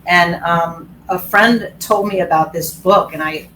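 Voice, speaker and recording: A woman's voice: fairly low pitch, steady tone, measured pace, bright, forceful tone, slight background noise, poor audio. Chatty woman fitness pro on a video call. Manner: chatty and candid, acts out voices in her stories. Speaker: fitness professional. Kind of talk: casual webinar talk.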